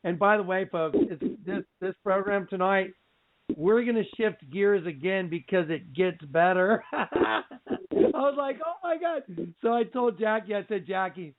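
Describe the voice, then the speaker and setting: A middle-aged man hosting a religious radio show, telling a story in an animated way, often breaking into shouts and laughs. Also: high-pitched, a little slow. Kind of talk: excited religious radio talk. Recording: tinny phone-like line with faint noise.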